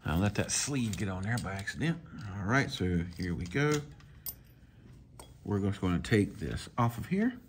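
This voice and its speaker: A man, casually talking viewers through swapping a reel handle, folksy and relaxed as he works. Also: lowish voice, moderate pace, a little hiss or hum. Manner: relaxed, talks to himself while working, folksy. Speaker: fishing channel host. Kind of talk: casual hands-on tutorial.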